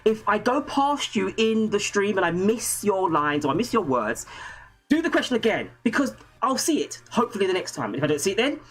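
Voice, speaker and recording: A man's voice: high voice, big pitch swings, fairly quick, fairly bright tone, breathy edge. A man hosting a casual livestream from home, chatty and jokey, rambling and greeting viewers by name. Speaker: livestream host. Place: home room with a green screen.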